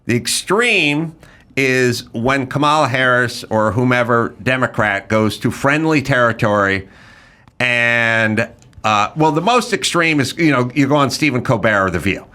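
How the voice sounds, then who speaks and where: A man's voice: medium pitch, bright, forceful tone. A man hosting a podcast, riffing bluntly and profanely in a casual comedic rant. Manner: blunt, profane, riffing with quick mock impressions. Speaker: podcast host.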